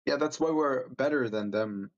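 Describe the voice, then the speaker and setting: A man's voice: medium pitch, moderate pace, no echo. A male caller debates over a dull, lo-fi call line. He argues hesitantly, stumbling and repeating words.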